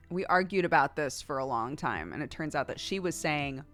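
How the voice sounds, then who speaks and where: A woman's voice: sits low, lively intonation, fairly quick, a bit bright, faint music behind. An American woman in her thirties, a streamer chatting casually and rambling, laughing often. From United States. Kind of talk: casual chat with chat.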